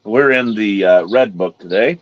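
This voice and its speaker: A man hosting an online Bible study, chatting slowly and casually between hymns from home. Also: fairly low pitch. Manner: slow, chatty, drawn-out speech. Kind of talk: casual live-stream chat and hymn singing. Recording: dull lo-fi stream audio.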